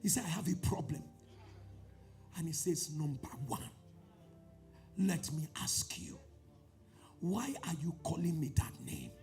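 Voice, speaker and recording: A man with a Nigerian accent preaching a sermon, swinging from loud shouts to low murmurs in a sing-song cadence. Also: wildly swooping pitch, takes it slowly, long pauses, soft background music. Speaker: pastor.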